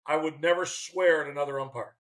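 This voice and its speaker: A man in his sixties, an interview guest telling lively stories and acting out the people in them. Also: on the high side, fairly quick, rough recording. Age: 60s. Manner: animated, acts out quotes. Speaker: guest, former baseball manager. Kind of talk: interview storytelling.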